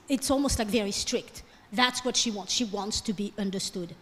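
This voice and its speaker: A woman's voice: mid-range voice, moderate pace, a bit bright. A woman teaching French in a classroom lecture, switching between English and French and coaxing the class with questions. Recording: long hall reverb.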